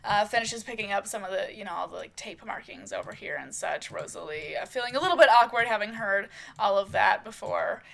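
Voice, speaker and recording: A woman's voice: medium pitch, lively intonation, brisk, gravelly, hardly any pauses, a bit bright. A woman casually narrating a soap opera story, rambling with many fillers. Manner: rambling, full of fillers and hedges.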